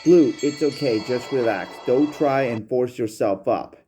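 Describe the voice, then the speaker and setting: A man's voice: medium pitch, unhurried, music in the background, lightly acted. A man voicing a caring, anxious young female macaw in a fan-made audio story, fretting and soothing. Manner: fretful, soothing.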